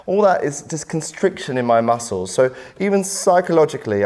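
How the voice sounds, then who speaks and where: A man working as a vocal coach, calmly explaining and demonstrating a singing warm-up in an instructional lesson. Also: medium pitch. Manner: calm, encouraging explanations with sung demonstrations.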